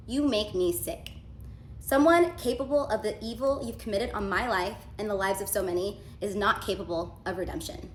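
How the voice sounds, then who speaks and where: A woman's voice: mid-range voice, normal speed, reverberant, a little hiss or hum. A woman casually telling a dramatic personal story, acting out the texts and lines she quotes.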